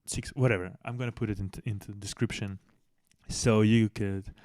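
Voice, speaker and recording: A low-voiced profane man commentating. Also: fairly even intonation, a little fast, a little mellow, no room sound, studio quality. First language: not English. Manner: blunt, swears heavily, trails off and restarts. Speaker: commentary channel host. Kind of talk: casual profane news commentary.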